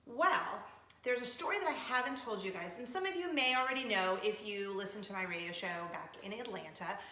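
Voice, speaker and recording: A woman in her forties hosts a casual chat show in a playfully dramatic, self-mocking way. Her voice is bright and crisp and swoops up and down. The room is echoey, with a faint hum behind her. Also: mid-range voice, expressive, a little fast. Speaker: host of a weekly coffee talk show. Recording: roomy echo with faint room noise.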